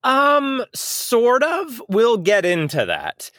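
A man co-hosts a comedy podcast in a loose, rambling way, joking and laughing often. His pitch swings a lot. The recording is dry and close. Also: huge pitch swings, very slow, sharp tone, no room sound. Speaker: podcast co-host. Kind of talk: casual comedic chat.

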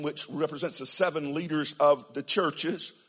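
An older man preaching a sermon as pastor, dramatic, swinging between hushed near-whispers and loud, shouted passages. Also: fairly high pitch, steady tone, unhurried, slightly rough.

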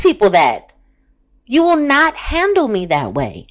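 A woman's voice: high-pitched, wildly swooping pitch, normal speed. A woman, giving a candid motivational monologue in a profane, emphatic, repetitive, fired-up way. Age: 30s. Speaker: self-help speaker.

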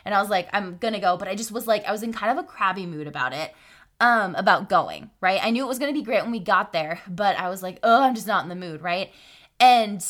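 A young woman talks straight to her listeners on a solo podcast, loose and chatty. She piles up fillers and keeps checking in with a quick "right?" as she talks. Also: mid-range voice, expressive, fairly bright tone. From Arkansas, USA. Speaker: podcast host. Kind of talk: casual solo podcast monologue.

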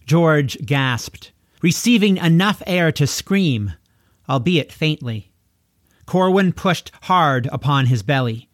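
Casting: male audiobook narrator, expressive and animated, slightly high voice, dry sound. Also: takes it slowly, no room sound. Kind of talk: audiobook reading.

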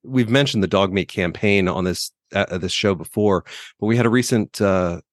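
A man co-hosting a casual podcast chat, relaxed and hesitant, with frequent fillers as he talks. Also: fairly low pitch, moderate pace, no room sound, studio quality. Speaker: podcast co-host.

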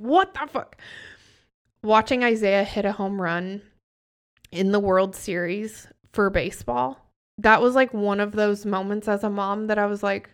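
Candid, emphatic woman in her thirties. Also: medium pitch. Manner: candid, emphatic, swears freely. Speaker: podcast host and business coach. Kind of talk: motivational casual talk.

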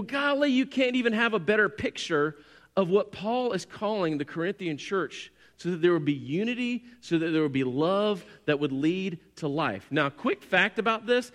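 Animated high-voiced pastor in a reverberant hall. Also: male voice, moderate pace. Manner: animated, swings from quiet to loud and excited. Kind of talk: sermon with personal storytelling. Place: church hall.

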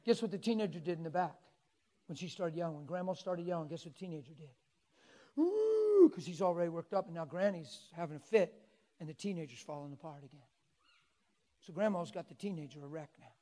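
A male preacher telling a story in a sermon, swinging from soft coaxing to loud exclaiming. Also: a little high, fast.

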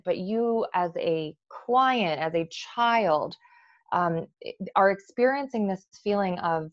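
A woman therapist speaks in a fairly low voice, working through ideas with frequent fillers and restarts. The sound is dry and close, with a slightly muffled, dull quality. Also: a little slow, no echo. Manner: explanatory, with many fillers and restarts. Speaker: therapist guest. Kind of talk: professional conversation.

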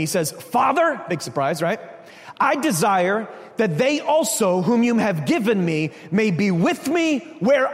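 A man preaching a sermon as a pastor, animated, acting out quotes. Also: sits high. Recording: reverberant hall.

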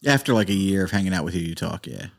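A man's voice: low voice, animated, racing, creaky. A man in casual podcast chat, throwing in wry side remarks.

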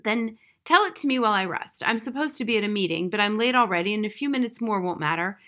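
A woman voicing an elderly male white mouse, kindly and wise, with a cordial, gently knowing manner. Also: mid-range voice, animated, fast.

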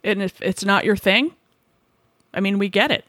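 A woman in her forties from the Boston suburbs co-hosts a comedy podcast. She teases playfully and jumps in with quick remarks in a mid-pitched voice. The recording is dry and close. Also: fairly bright tone, no room sound. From Boston suburbs, USA. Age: 40s. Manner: playful, teasing, quick interjections. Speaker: podcast co-host. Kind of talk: casual comedic podcast banter.

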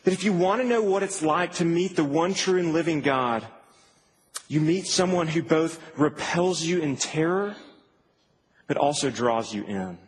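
Animated, chatty preacher in an echoing hall. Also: male voice, on the high side, a little slow. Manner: conversational and animated, with asides. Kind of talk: sermon. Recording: reverberant hall, faint background hum.

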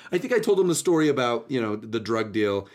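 A man hosting a podcast, telling his stories in an animated, chatty casual way. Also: medium pitch, quick pace. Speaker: podcast host. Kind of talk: casual storytelling chat.

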